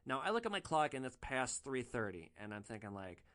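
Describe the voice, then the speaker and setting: Animated man telling wild stories. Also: medium pitch, a little fast. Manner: animated, excitable storyteller who swears casually. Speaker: podcast host, rideshare driver. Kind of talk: storytelling podcast.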